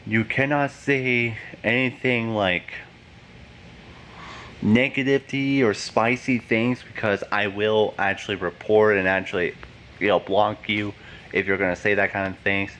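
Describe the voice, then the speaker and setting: A man's voice: fairly low pitch, fairly even intonation, measured pace, fairly bright tone, a little hiss or hum. A young man talking to his channel's viewers, rambling and earnest, with a lot of fillers. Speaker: YouTuber. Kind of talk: casual vlog talk.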